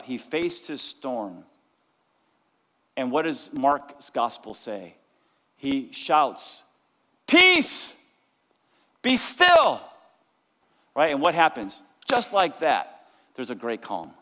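A male pastor preaching a lively sermon, sometimes shouting out the lines of the people in his story. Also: medium pitch. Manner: energetic preaching, acts out disciples' cries. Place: church sanctuary. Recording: long church hall reverb.

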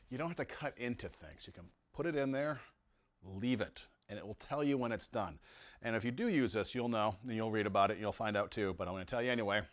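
Enthusiastic man cooking at home. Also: medium pitch. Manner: enthusiastic, savoring food aloud with lots of mm and wow. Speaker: home cooking show host. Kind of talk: casual cooking demonstration. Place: home kitchen.

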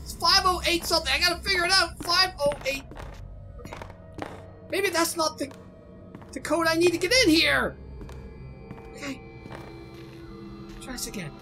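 A woman hosting a horror game let's play, jumpy and excitable, talking to herself with yelps and nervous laughs. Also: very high voice, moderate pace, pauses often, faint music behind, low-quality recording. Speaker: gaming channel host.

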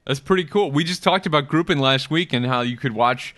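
A man's voice: a little high, a bit bright, dry recording, studio quality. A man hosting a podcast panel in casual chat, joking and filling his talk with "um" and "you know". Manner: joking, fast, full of fillers. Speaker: podcast host.

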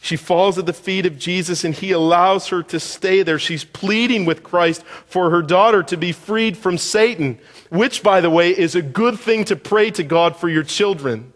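With a high voice at normal speed, a male pastor delivers a conversational sermon in a church sanctuary, quizzing the congregation as he goes. Church hall reverb colors the recording.

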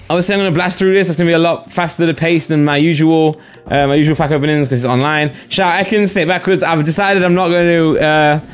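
A young man hosting his channel, giving excited commentary on opening card packs and shouting when he gets good pulls. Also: on the high side. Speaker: host. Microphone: desk microphone with green screen.

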